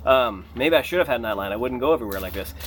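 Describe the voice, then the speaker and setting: Male pastor preaching off the cuff, expressive delivery with big pitch swings, faint hiss behind. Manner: animated, emphatic, rising to a near shout on key points. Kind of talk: unscripted sermon.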